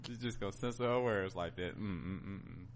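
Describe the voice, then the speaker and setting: A man's voice: low-pitched, a little fast, slight background noise. A man co-hosting a podcast, chiming in with dry, teasing remarks in casual chat. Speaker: podcast co-host.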